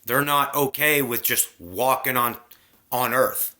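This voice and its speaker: A man's voice: medium pitch, takes it slowly, sharp tone. A man in a casual spiritual rant, heated and preachy, swearing freely.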